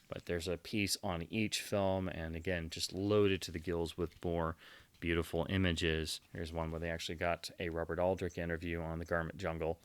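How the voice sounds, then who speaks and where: A man giving casual unboxing commentary as a collector, enthusiastic and quick to heap on superlatives. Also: deep voice, dry recording. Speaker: collector presenting his purchases.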